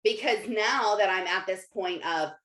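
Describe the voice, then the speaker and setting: A woman life coach giving a casual motivational talk, chatty and animated, often saying "like" and acting out her own thoughts in quick asides. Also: mid-range voice, reverberant, rough recording. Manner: frequent filler "like". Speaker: life coach and podcast host.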